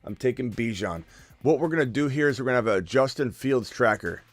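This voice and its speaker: A man hosting a live stream, joking and excitable as he talks through his picks, sometimes dropping to a hushed whisper. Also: medium pitch, fairly quick, no room sound. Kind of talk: casual live-stream commentary.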